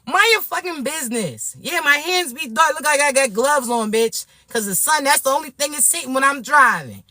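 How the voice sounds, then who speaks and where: A woman from Florida, ranting to camera in a brash, profane, animated way. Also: sits high, moderate pace, a little hiss or hum. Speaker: vlogger. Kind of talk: casual rant to camera.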